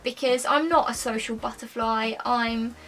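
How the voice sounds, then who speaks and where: A woman's voice: a little high, fairly even intonation, a little slow, a bit bright, recorded from a distance, faint music behind, poor audio. A woman in her twenties chatting casually to camera as a lifestyle vlogger, rambling with lots of "like" and "um". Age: 20s.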